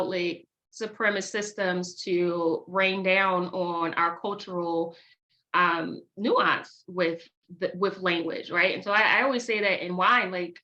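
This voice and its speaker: A woman's voice: mid-range voice, sharp tone, dull audio. A woman hosting a casual interview, chatty and full of "um" and "like" as she sets up her questions. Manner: talkative, fillers like "um" and "like", agreeing often. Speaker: host, interviewer.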